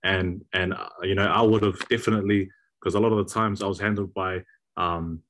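A young man with a New Zealand accent, a university student guest chatting in a relaxed way with frequent restarts. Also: low-pitched, fairly quick. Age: young adult. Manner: relaxed, repeats words when starting. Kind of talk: casual chat.

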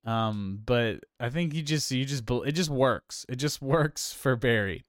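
A man with a medium-pitched voice and measured pace hosts a casual podcast discussing films. Clean studio sound with no room echo captures his rambling, filler-heavy talk, frequent restarts and easy laughter.

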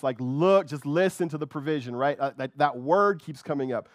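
A man's voice: fairly high pitch, normal speed, dry recording, clean studio sound. A man preaching a sermon with fervor, repeating words and often checking in with "right?". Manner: fervent, repeats words, keeps asking "right?".

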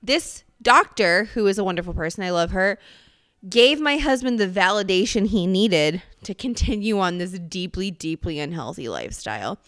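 A woman's voice: medium pitch, lively intonation, normal speed, a bit bright, no echo, studio quality. A woman hosting a podcast, chatting casually and telling a rambling, profane story. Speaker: podcast host. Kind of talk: casual chat.

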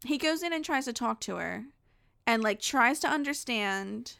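A woman with a fairly high voice co-hosts a podcast and recaps a movie in relaxed, sarcastic chat. She swears casually and keeps an easy tone. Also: normal speed, gravelly. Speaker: podcast co-host.

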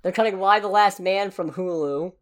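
A woman's voice: mid-range voice, moderate pace. A woman co-hosting a podcast, chatting casually with a sarcastic, ranting edge. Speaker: podcast co-host. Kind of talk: casual chat.

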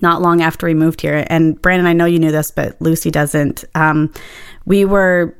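Chatty woman with a lowish voice. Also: steady tone, normal speed, smooth. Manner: chatty storyteller, laughs often. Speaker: podcast co-host. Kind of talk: casual chat.

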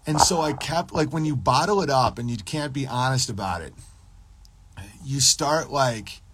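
Swearing freely, a man wanders between subjects in a casual livestream monologue for his podcast, responding to chat and breaking into mocking impressions. His voice is medium-pitched, animated, fairly bright and husky, at a moderate pace.

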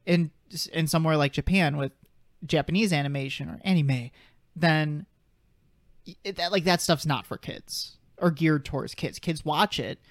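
This twenty-something man co-hosts a podcast, his slightly high voice moving at a moderate pace in a studio-quality recording with no room sound. He rambles casually, sidetracked often and full of fillers.

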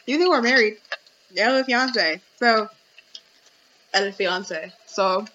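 A woman's voice: medium pitch, takes it slowly, highs cut off, background noise. A young adult woman hosting a podcast, ranting animatedly in casual chat with lots of fillers. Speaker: podcast host.

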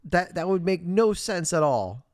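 A man's voice: high voice, big pitch swings, a little slow, a little mellow, no echo, clean studio sound. A man co-hosting a casual movie podcast, blunt and exclamatory, who swears freely. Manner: blunt, exclamatory, swears, finishes partner's jokes. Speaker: podcast co-host.

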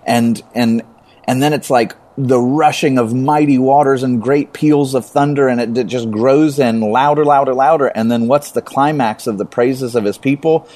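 A man who has taught middle and high school, explaining Bible passages in conversation and building up to emphasis by repeating words. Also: moderate pace, a little mellow. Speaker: Bible teacher.

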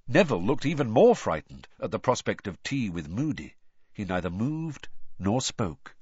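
Male audiobook narrator, lower voice, husky, animated delivery. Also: dry recording. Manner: measured, lively storytelling. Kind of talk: scripted narration. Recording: dull dry recording.

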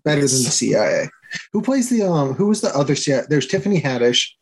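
A man's voice: fairly high pitch, very animated, quick pace, slight background noise, low-quality recording. A man co-hosting a casual movie review chat, easygoing and agreeable, trailing off when searching for names. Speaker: podcast co-host.

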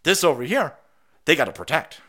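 A man's voice: fairly high pitch, expressive, brisk, pushed and bright. A man hosting a livestream, delivering heated, profane political commentary and repeating himself for emphasis. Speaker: livestream host.

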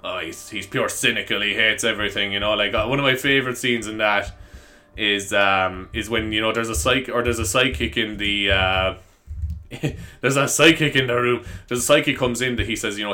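A man's voice: fairly low pitch, normal speed, bright, forceful tone. A young man hosting a podcast, chatting casually and rambling, often laughing and swearing. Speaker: podcast host. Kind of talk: casual solo podcast chat.

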